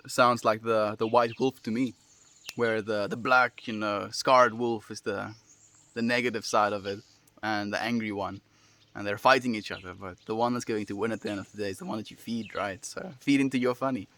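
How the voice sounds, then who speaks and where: A man hosting a daily livestream, reading chat comments aloud and answering them in a relaxed, friendly way with lots of fillers. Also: medium pitch. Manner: relaxed and friendly, many fillers, laughs often. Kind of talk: casual chat.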